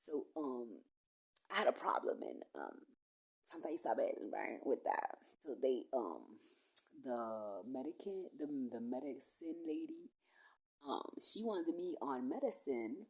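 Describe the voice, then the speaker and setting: A woman's voice: extremely low pitch, a little mellow, breathy edge. A woman, rambling profanely through a monologue that jumps from topic to topic. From Puerto Rico.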